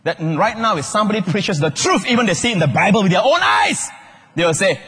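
Man, Singaporean English accent, pastor's sermon, animated and joking, husky voice, long hall reverb. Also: high-pitched, fast.

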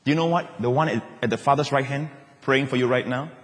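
A man preaching a sermon as pastor, swinging from excited emphasis down to soft, low asides. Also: fast talker, big-room sound.

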